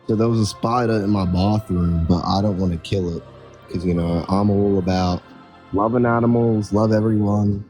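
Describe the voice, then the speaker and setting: An Australian man speaks in a fairly low voice, telling silly confessions with a straight, deadpan delivery. He sounds relaxed and unbothered while he talks. Quiet music plays faintly behind him. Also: moderate pace. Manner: deadpan joking. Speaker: caller confessing on stream. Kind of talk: casual call-in chat.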